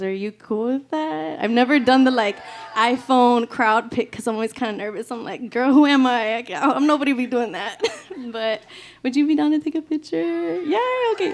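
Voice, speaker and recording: A woman with a slightly high voice talks loosely to a crowd between songs at a small music venue. She is giggly and chatty, peppering her talk with "like" and "y'all" as she banters with the audience. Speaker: singer performing live. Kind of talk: casual stage banter with an audience.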